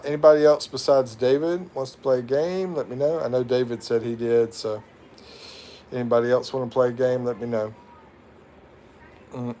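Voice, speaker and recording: This livestream host speaks with an American accent in a mellow, mid-range voice, with slight background noise. Broadcasting casually from home in the Philippines, he rambles through viewer comments, mocks himself and laughs a lot.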